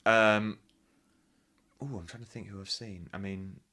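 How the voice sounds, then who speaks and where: A man talking in a fairly low voice with a bright, forceful edge. He chats freely as an interview guest, thinking aloud and often restarting his sentences. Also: steady tone, measured pace. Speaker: guest, pantomime actor. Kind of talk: casual interview chat.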